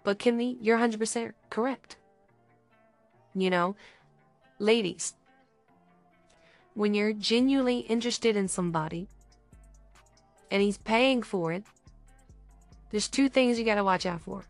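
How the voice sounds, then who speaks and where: A young woman co-hosting a podcast, talking casually and acting out little scenes with quick voices. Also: medium pitch, dry recording, soft background music. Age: young adult. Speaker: podcast co-host.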